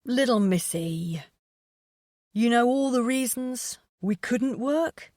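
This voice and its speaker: A woman voicing a grown man who pleads softly and affectionately with his lover on the phone. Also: a little high, expressive, slow pace, no room sound, studio quality, pitched above the performer's own voice. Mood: pleading.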